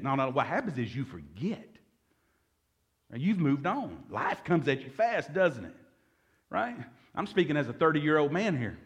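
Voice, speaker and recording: A man's voice: on the high side, sing-song, normal speed. A man in his forties preaching a conversational sermon as pastor, joking and calling out to the congregation. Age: 40s. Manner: conversational, joking, calls for audience response.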